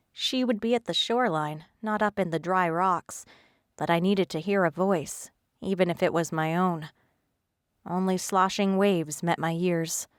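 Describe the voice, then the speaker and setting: Woman narrator, audiobook reading, steady delivery; low, resonant voice, dry close-miked studio sound. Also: no echo. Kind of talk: scripted first-person audiobook narration.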